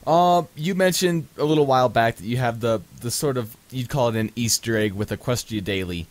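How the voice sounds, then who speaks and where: A man's voice: mid-range voice, fairly quick. A man co-hosting an internet radio show, asking guests questions hesitantly with fillers.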